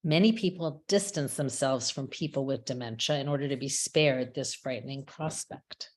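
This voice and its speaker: A woman giving a measured, reflective prepared talk as a webinar speaker, with small restarts now and then. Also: a bass voice. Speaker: rabbi and chaplain speaker. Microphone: webinar microphone.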